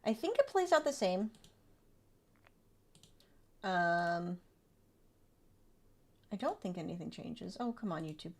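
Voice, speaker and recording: A woman streamer giving casual, animated gameplay commentary with quick asides and laughter. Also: on the low side, slight background noise.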